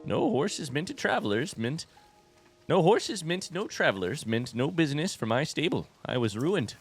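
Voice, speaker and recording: A man's voice: mid-range voice, animated, quick pace, a bit bright, soft background music, natural voice. A man voicing a chatty, friendly male stable keeper from a video game, reading his lines in a vague put-on accent. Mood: folksy.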